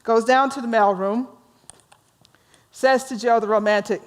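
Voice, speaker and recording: A woman minister leads a workshop in a higher, slow-paced voice. She tells stories in an animated way and draws the audience in with questions and easy laughter. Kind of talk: storytelling workshop talk.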